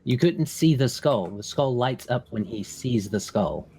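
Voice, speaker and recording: A man's voice: medium pitch, expressive, warm tone, a little hiss or hum. Man game master narrating a tabletop game. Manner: measured descriptive narration, slows on scene details.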